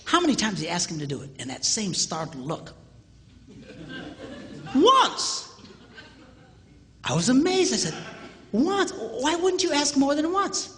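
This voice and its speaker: A man's voice: extremely high pitch, fairly quick, long reverb tail. A man preaching, a pastor telling a humorous story and acting out the dialogue. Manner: animated, acts out quoted dialogue, jokey.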